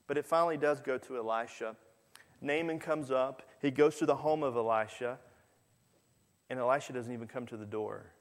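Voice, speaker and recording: A man's voice: mid-range voice, normal speed. Guy preaching a sermon, tells the stories and does the voices, big hall echo. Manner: storytelling, acting out quoted figures with rising voice. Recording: long hall reverb.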